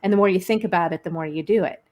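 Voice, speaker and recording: An American woman who is a guest on an online show, explaining speaking skills in a quick, energetic way. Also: fairly low pitch. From United States. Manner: quick, energetic, self-described fire hose. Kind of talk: conversational expert explanation.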